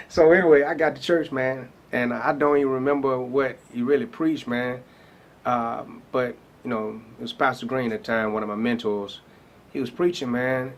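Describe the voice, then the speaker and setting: A man's voice: mid-range voice, a little hiss or hum. A man, a pastor telling his personal story in a loose, casual way with many fillers. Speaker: pastor and rapper.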